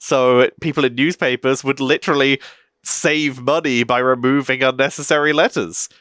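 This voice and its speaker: A young British man hosting a casual meme reaction chat, animated and laughing often. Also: normal speed, dry recording, studio quality. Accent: British English. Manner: animated, laughs often, jumps into high exclamations. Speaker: host reacting to memes.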